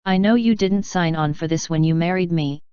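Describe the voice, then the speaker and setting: A woman voicing a female pony who is a wife close to tears, defensive and hurt, in a very smooth, dry, lo-fi reading. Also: lowish voice, brisk, a little mellow, no echo, close to an everyday voice. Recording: dull lo-fi.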